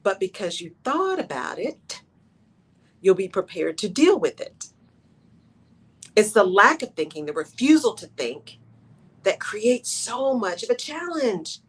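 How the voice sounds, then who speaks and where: A woman holds forth on her talk radio show, pressing each point home and circling back to her key phrases. Her pitch sits in the middle for a woman. She keeps tossing in a quick "right?" to pull the listener along. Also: big pitch swings, breathy edge. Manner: emphatic, repeats key phrases, asks "right?".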